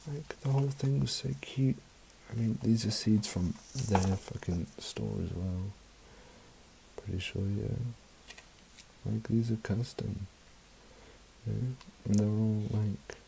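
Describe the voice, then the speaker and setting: A man's voice: lowish voice, slow pace, gravelly, long pauses, background noise. A man vlogging in casual chat, rambling and emotional, swearing often.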